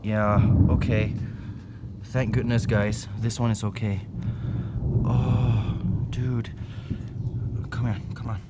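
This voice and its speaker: A man's voice: lowish voice, level tone, slow, long pauses, very noisy. Exasperated young man vlogging into a phone. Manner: exasperated, swinging from loud outbursts to hushed whispers. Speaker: tarantula keeper unboxing a delivery. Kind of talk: unscripted phone-filmed vlog. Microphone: handheld phone.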